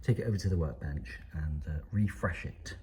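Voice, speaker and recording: A man's voice: very deep voice, moderate pace, darkish tone, husky. A man, a motorcycle mechanic, talking through a project bike in a casual workshop vlog with a wry, self-deprecating manner. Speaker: motorcycle mechanic and video maker.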